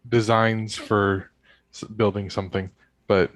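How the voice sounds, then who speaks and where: A man narrating his character's actions in a tabletop game, halting as he searches for words. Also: fairly low pitch, level tone, dry recording. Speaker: player.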